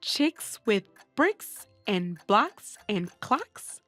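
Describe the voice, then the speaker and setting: A woman's voice: fairly high pitch, huge pitch swings, very slow, sharp tone, no echo, faint music behind. A woman leading a reading lesson for young children, prompting them and praising their answers encouragingly.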